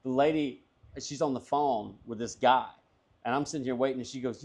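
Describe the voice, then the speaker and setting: Dude comic telling a wild road story, cussing a lot, doing all the voices, mid pitch. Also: male voice, fairly quick, breathy edge. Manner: profane, animated, acts out dialogue. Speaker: stand-up comedian guest. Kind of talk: casual storytelling.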